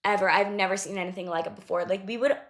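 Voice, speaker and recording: A woman's voice: mid-range voice, steady tone, quick pace. A young adult woman hosting a podcast, giving casual, blunt advice on friendship and swearing freely as she talks. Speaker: podcast host.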